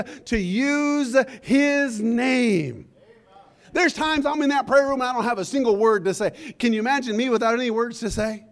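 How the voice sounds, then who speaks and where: A man preaching a sermon as pastor, fervent and calling out amen and hallelujah to his congregation in a church. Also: extremely high pitch.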